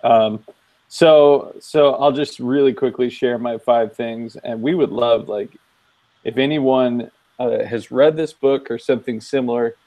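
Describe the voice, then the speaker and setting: Man, co-host, relaxed, measured, frequent ums, headphones on. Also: mid-range voice, dry recording. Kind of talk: casual chat.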